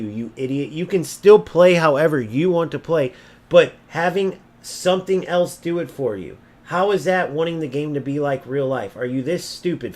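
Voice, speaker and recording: A man streaming a football video game, ranting and mocking opponents while he swears freely. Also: fairly high pitch. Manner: brash, mocking, insults opponents and swears often. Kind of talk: gameplay commentary rant.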